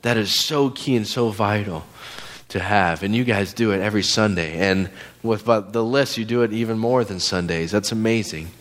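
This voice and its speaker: A man's voice: fairly low pitch, normal speed. Man preaching casually in a church. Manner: casual, conversational preaching with many fillers and asides. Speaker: guest preacher. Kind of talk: sermon.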